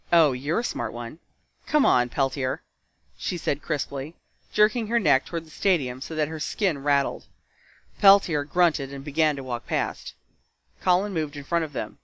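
A man narrating a fan fiction story aloud with steady, expressive storytelling. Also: on the high side, dry recording, rough recording. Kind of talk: fan fiction audiobook reading.

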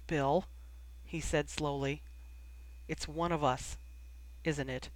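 A reader voicing a shaken young man frozen in dread, speaking slowly, quietly and with strain. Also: medium pitch, fairly even intonation, lightly acted.

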